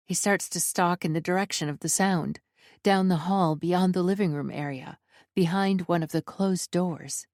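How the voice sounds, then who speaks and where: A woman narrating a first-person romance audiobook in a wry, expressive way, close to the mic. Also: fairly low pitch, no room sound.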